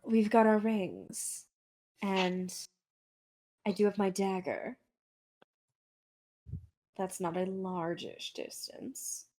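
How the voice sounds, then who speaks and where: A woman playing in a tabletop game, measured and careful as she lays out plans. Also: medium pitch, fairly even intonation, darkish tone. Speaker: player. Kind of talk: casual tabletop game chat.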